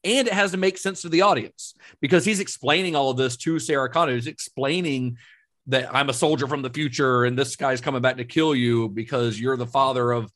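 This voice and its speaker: A man co-hosting a casual film podcast, relaxed and laughing often as he recounts trivia he researched. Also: mid-range voice, a little fast. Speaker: podcast co-host.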